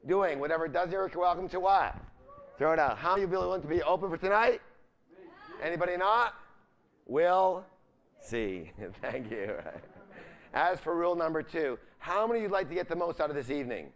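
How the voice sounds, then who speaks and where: Brisk, slightly high and with lively intonation, the speaker at this live seminar is full of upbeat energy. He repeatedly asks the audience questions, leaving his sentences unfinished for them to fill in.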